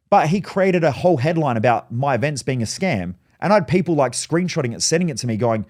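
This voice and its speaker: A man, a business coach, telling a story in a blunt, animated way with a lot of swearing. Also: on the high side, quick pace. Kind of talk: casual monologue, storytelling.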